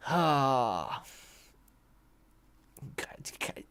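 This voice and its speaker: A young man hosts a live trading stream in a loose, chatty way. His voice sits at an ordinary middle pitch, and he flares up animatedly and sarcastically when something bothers him. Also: moderate pace, long pauses. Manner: animated, sarcastic rants, reads chat aloud. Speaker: livestream host. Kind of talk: casual live market commentary.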